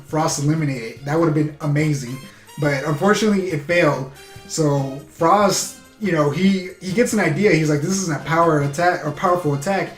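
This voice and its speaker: A man giving a casual, excited episode recap as a reviewer, rambling with lots of fillers. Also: a little high, echoey room. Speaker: anime reviewer.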